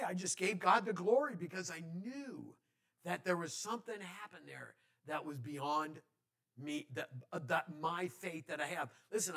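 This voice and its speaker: A man's voice: on the high side, gravelly, pushed and bright. A male pastor telling a personal story in a conversational sermon, with many restarts. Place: church.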